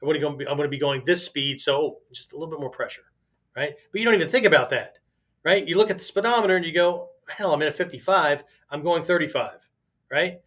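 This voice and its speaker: A man's voice: a little high, fast talker, a bit bright. Chatty man who keeps asking "right?". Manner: conversational, constantly asks "right?", restarts sentences. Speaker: podcast host and martial arts teacher. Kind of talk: casual podcast monologue.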